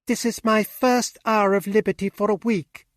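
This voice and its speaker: A man reading an audiobook, voicing a lively cheerful young woman driver with a light, laughing manner. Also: high voice, moderate pace, dry recording, clean studio sound, pitched above the performer's own voice, natural voice.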